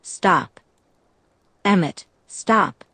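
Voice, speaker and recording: A woman's voice: fairly low pitch, expressive, very slow, creaky, bright, forceful tone, slightly rough, no echo, heavily acted. A woman reading as a proud, anguished young vampire woman. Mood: pleading.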